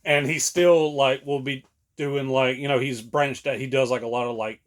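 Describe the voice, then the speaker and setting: A man's voice: medium pitch, steady tone, normal speed. A man, co-hosting a podcast in casual chat, rambling with many fillers and laughing often. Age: late 30s. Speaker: podcast co-host.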